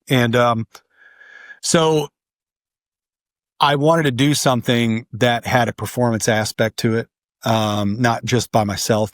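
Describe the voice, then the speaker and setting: Guy in his 40s, chill and rambly, lots of ums, mid pitch, dry sound. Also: dry recording. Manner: relaxed, rambling, many ums. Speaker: guest, artist and podcast host. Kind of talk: casual conversation.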